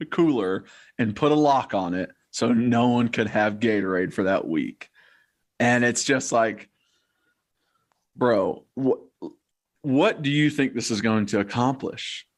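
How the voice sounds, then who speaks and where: A young man co-hosting a podcast, telling locker-room stories in a lively, casual way and swearing freely. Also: mid-range voice. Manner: storytelling, animated, swears freely. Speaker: podcast co-host, former player. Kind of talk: casual chat.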